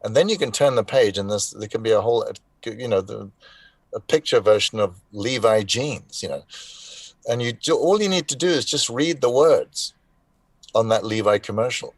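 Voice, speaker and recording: A man's voice: on the low side, animated, moderate pace, no echo. A man in his sixties from South Africa, a voice actor chatting as a guest over a video call, rambling with many fillers and restarts, wry and frank. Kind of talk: casual live interview chat.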